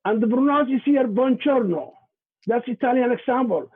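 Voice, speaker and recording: A man teaches over a video call, and his voice sits very high for a man. He spells out sounds one by one, in a deliberate, patient way. The audio is thin and tinny, like a phone line. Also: breathy edge. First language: Somali. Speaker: Somali language and culture presenter.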